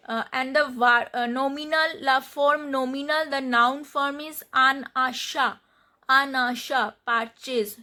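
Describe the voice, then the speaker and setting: A woman with an Indian English accent teaching a beginners' grammar lesson, repeating each word slowly so learners catch the pronunciation. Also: high-pitched, pushed and bright. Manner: slow, repeats words to drill pronunciation. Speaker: French teacher.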